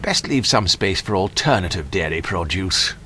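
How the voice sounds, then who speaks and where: An actor playing a polite, dry English gentleman astronaut in a studio game, with an English accent and a proper, understated manner. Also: low-pitched, lively intonation, normal speed, a little hiss or hum.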